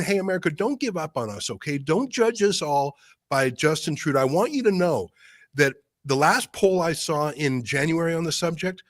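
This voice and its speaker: A man from Canada, a guest commentator, explaining politics in a rapid, insistent way. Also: a little high, dry recording.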